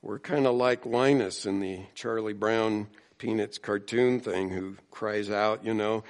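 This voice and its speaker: A man pastor preaching a sermon in a church, talking in a relaxed, conversational way and mimicking the people in his stories. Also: fairly low pitch. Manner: slow, conversational preaching with mimicked voices in anecdotes. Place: church sanctuary.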